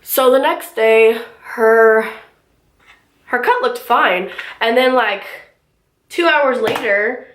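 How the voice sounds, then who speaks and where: A woman's voice: a little high, slow pace, long pauses, fairly bright tone. A young woman telling a story in casual, filler-filled chat while doing her makeup at home. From California, US. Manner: chatty, filler-heavy storytelling. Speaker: beauty vlogger. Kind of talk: casual get-ready-with-me chat. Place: room at home. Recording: roomy home recording.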